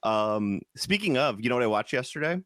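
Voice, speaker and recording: A little fast and full of lively intonation, a Chicago man co-hosts a podcast in casual, rambling, excited conversation, frequently trailing off and restarting. His voice is medium-pitched, a bit bright, and clean in tone, recorded in clean studio sound with no room noise.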